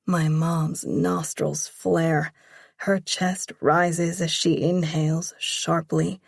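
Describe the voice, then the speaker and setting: A woman narrates a first-person romance in a slow, measured voice. Her tone sits a little low and gravelly, with a husky edge. The recording is close and dry. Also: level tone, no room sound. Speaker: audiobook narrator.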